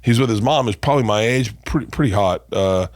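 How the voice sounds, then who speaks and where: Animated, swearing comedian storyteller man. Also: on the low side, fast talker, no room sound, studio quality. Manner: animated storyteller, swears freely, acts out others' voices. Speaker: comedian guest. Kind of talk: casual podcast chat.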